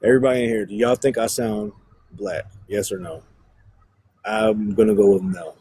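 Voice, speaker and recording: A man's voice: lowish voice, steady tone, normal speed, warm tone, slightly rough, no room sound, low-quality recording. A young man chatting casually and bluntly with his viewers on a livestream, rambling and swearing freely.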